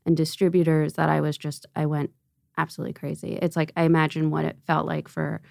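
A woman guest on a podcast, chatting casually and telling animated stories, acting out quotes with laughs. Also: deep voice, quick pace, gravelly, no echo, clean studio sound. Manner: animated storyteller, acts out quotes, laughs often. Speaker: restaurant owner and wine buyer guest.

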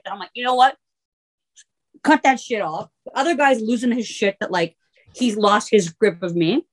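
A woman with a slightly high voice tells a tale in loose, playful chat. She swears freely and leans on "like" and "you know" as she rambles through her story. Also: lively intonation, a little fast. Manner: profane, filler-heavy valley-girl talk. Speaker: podcast co-host. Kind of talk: casual comedic storytelling.

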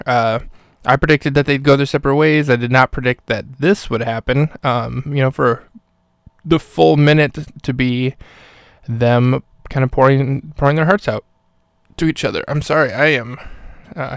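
A male podcast host talks through a film review in a loose, rambling way, full of fillers and restarts. His voice is smooth and clear at an ordinary pitch. The microphone sits close in a dry, dead space. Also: no echo. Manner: rambling, filler-heavy, self-correcting. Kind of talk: casual spoken review.

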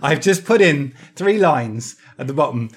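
A man co-hosting a podcast who tells stories in an animated way, laughing easily and restarting his phrases. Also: a little high, a little slow, husky. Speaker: podcast co-host. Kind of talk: casual podcast chat.

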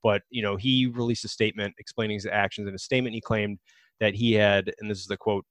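Low-voiced, halting male podcast host. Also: steady tone, a bit bright, no room sound. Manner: measured, halting with many fillers. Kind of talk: casual conversational podcast.

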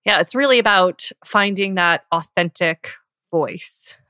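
A woman's voice: lowish voice, unhurried, sharp tone, dry recording, clean studio sound. A woman co-hosting a podcast, posing thoughtful questions. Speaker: podcast co-host. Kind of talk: podcast interview.

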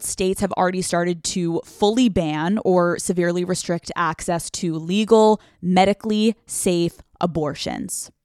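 A woman's voice: medium pitch, no room sound, studio quality. A woman hosting a solo podcast, talking bluntly and with emphasis and swearing casually. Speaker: podcast host.

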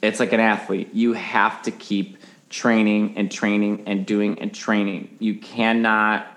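A man's voice: on the low side, flat delivery, measured pace, fairly bright tone. A man as a podcast guest in casual chat, animatedly explaining singing technique and breaking into sung examples.

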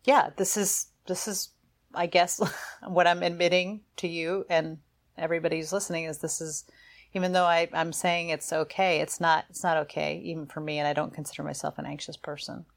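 A woman's voice: on the low side, level tone, a little fast, vocal fry. A woman co-hosting a casual talk show, speaking in a reflective, candid way and laughing easily. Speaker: podcast co-host. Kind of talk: casual chat.

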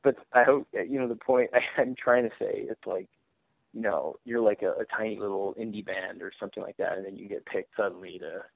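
Man, low voice, rambling candid storytelling, self-interrupting, laughs often, tinny phone line. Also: steady tone, fairly quick, vocal fry, no room sound. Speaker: comic book writer guest.

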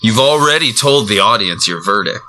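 A man's voice: on the low side, animated, normal speed, pushed and bright. A man co-hosting a casual music podcast, making wry joking asides. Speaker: podcast co-host. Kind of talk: casual chat.

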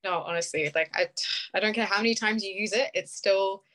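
A woman's voice: medium pitch, a little fast, pushed and bright. A young British woman, a podcast guest, chatting casually and telling stories with frequent laughs. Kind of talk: casual interview chat.

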